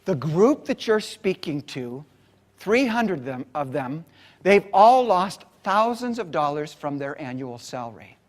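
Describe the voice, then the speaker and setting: A man's voice: a little high, very animated, measured pace. A man quoting a female event organizer as she passes on bad news by phone. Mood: worried.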